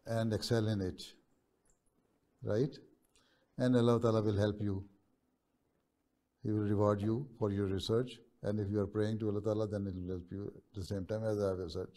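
This man plays a religious leader taking students' questions on a video call. He speaks with measured pauses and keeps checking in with "right?", and his voice is warm and on the low side.

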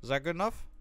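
A man's voice: medium pitch, sharp tone, no echo. A man streaming a game, casually reading a guide aloud with sarcastic joking asides. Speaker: gaming streamer.

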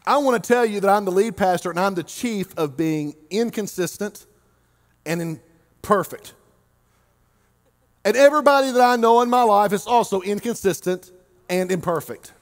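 Animated high-voiced pastor preaching. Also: male voice. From Oklahoma. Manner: animated, joking, swings between loud and quiet, drawn-out emphasis. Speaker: lead pastor. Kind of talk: sermon.

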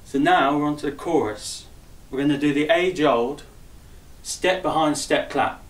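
A chatty, jokey man teaches a simple dance routine, calling out each move and counting the beats. His voice sits at a middling pitch and moves at an easy, unhurried pace. He sounds a step back from the mic in a roomy, echoing space. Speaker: dance instructor. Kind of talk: dance tutorial, calling out steps. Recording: roomy echo, voice far from mic.

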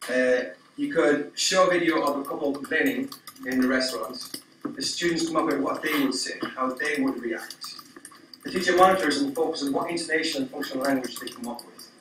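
A man's voice: mid-range voice, brisk, background noise. A man giving a conference talk to teachers, explaining informally with some fillers. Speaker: teacher trainer presenting. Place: conference room. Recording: echoey hall, speaker far from mic.

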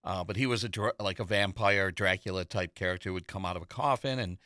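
Lower-voiced, bright host reminiscing casually. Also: male voice, a little fast, dry recording, studio quality. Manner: chatty, nostalgic storyteller with many fillers. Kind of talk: casual chat. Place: local TV studio. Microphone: studio microphone.

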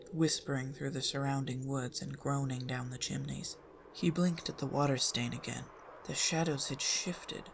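An audiobook reader narrating a fan fiction story in a calm, measured way. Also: medium pitch, vocal fry, slight background noise.

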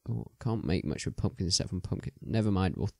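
Young man, low voice, dry close sound, rambling game commentary. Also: expressive, fast, vocal fry, no room sound. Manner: rambling, chatty, many ums and restarts. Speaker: gaming video host.

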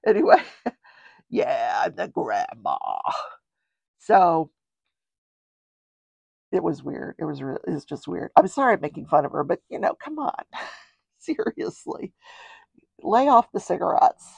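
A woman's voice: lowish voice, sing-song, normal speed, gravelly, slightly rough, no echo, lo-fi sound. An older woman hosting a show, recapping a trial in a chatty, rambling way with wry asides. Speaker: true-crime show host.

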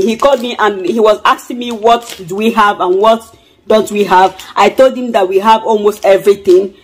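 A woman's voice: fairly high pitch, a little hiss or hum, poor audio. A Nigerian woman chatting casually to her viewers in a home vlog, fretful and repeating herself. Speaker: vlogger.

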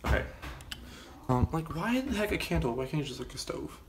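A man's voice: fairly high pitch, sing-song, brisk, roomy sound, noisy background. A young man rambling casually to camera in his home kitchen, chatty and self-deprecating. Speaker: vlogger. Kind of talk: casual vlog chat.

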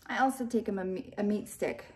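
A woman's voice: mid-range voice, a little fast. A middle-aged woman vlogging casually from her home kitchen, chatting to her viewers and her pets with self-mocking humor. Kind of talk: casual vlog chat.

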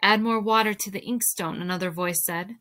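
A woman reading aloud as a wise old master painter, calm and measured, with quiet scorn. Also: mid-range voice, lightly acted.

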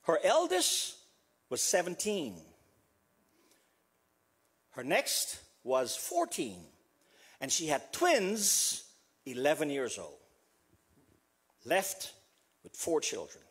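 A man from South America preaching a funeral sermon as pastor, repeating a refrain softly and building to emphatic passages. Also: breathy edge. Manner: repeats a refrain, dropping to a soft low voice.

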